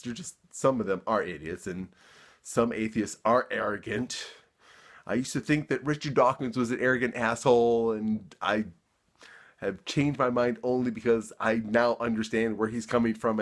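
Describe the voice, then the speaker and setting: A man's voice: medium pitch, fairly bright tone. A man ranting to camera in a vlog, worked up and emphatic, sarcastic at times, tripping over and repeating words when heated. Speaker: vlogger.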